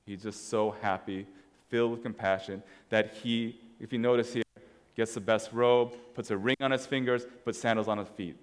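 A man's voice: lowish voice, steady tone, moderate pace, clear, resonant tone, long reverb tail. A man preaching a sermon in a casual, conversational way, telling a story as he walks through slides. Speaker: pastor.

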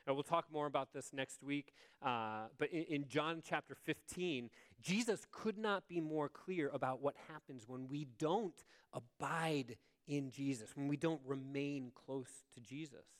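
A man gives a sermon in an easygoing, conversational manner, often pausing to check in with the congregation. His voice sits a little high for a man and sounds smooth and clear. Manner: conversational, asks the congregation "right?". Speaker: pastor.

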